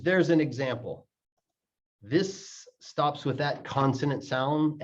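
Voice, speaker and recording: A man teaching English pronunciation, explaining step by step and repeating words to show how they link. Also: fairly high pitch. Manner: repeats words slowly to demonstrate sounds. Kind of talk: explaining lesson, slow and deliberate. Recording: dull lo-fi audio.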